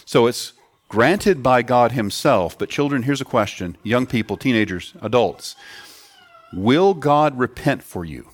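A man's voice: medium pitch, expressive, unhurried. A man preaching a sermon to children and adults in an earnest teaching tone, putting questions to the children. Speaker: pastor.

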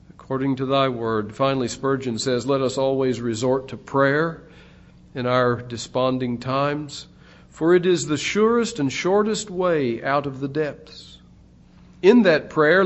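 A man preaching a sermon in a slow, deliberate way, his voice swelling louder on key phrases. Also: medium pitch. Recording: dull lo-fi recording.

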